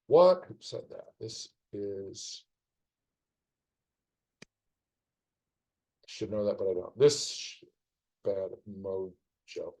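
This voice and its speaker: A man's voice: low-pitched, flat delivery, drawn-out words, long pauses, a little mellow, poor audio. A man casually commenting on a live stream as he solves a crossword, rambling through clues with wry asides. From United States.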